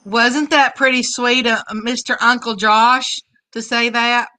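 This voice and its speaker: A woman's voice: fairly high pitch, fairly even intonation, takes it slowly, pushed and bright, poor audio. A woman reading viewer comments aloud during a live stream, in a friendly casual way.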